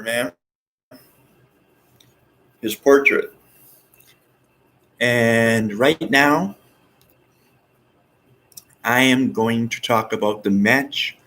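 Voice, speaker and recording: A man vlogging in a rambling, excitable monologue, with some swearing. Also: medium pitch, rough recording. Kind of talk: casual monologue.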